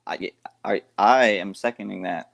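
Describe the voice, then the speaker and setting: A man speaking as guest co-host on a casual podcast, rambling and halting, laughing easily. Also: lowish voice, vocal fry, a bit bright.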